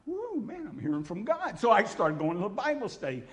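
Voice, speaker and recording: A middle-aged man preaching, telling his testimony in an animated storytelling manner, acting out voices and sometimes shouting. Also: high voice, fast. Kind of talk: sermon testimony.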